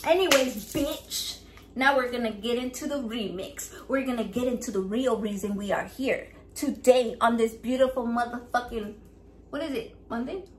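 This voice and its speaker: A woman vlogger running a raffle chats casually, loud, profane and playful, switching between English and Spanish. Her voice is on the high side at a normal speed, recorded in an echoey room with faint background noise.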